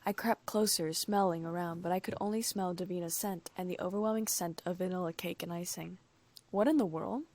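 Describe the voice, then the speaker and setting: A woman's voice: lowish voice, steady tone, brisk, hardly any pauses, darkish tone. A woman narrating a first-person audiobook with emotive storytelling.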